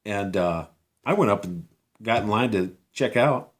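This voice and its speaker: Guy with a lowish voice telling a story outside, lots of uh and restarts, cant believe it. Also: animated, a little slow. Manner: rambling, many fillers and restarts, incredulous. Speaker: vlogger telling a personal story. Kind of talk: casual storytelling to camera. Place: outdoors.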